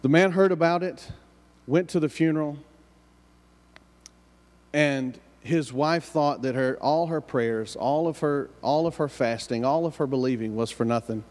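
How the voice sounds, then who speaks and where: A man's voice: on the high side, measured pace, a little mellow. A male pastor telling a story in a sermon, earnest and given to repeating and restarting his phrases. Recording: long reverb of a large hall.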